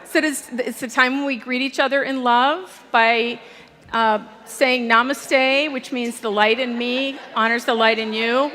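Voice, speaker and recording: A woman's voice: fairly high pitch, steady tone, measured pace, sharp tone, in a large hall. A woman giving a sermon at a church service. She speaks in a lighthearted, chatty way. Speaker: guest speaker. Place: church hall.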